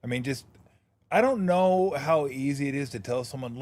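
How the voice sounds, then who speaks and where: A man's voice: mid-range voice, normal speed, darkish tone, a little hiss or hum. A man hosting a sports talk show, chatting loosely and swearing freely as he jokes with his guest. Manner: loose, profane, joking. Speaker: radio show host, former player.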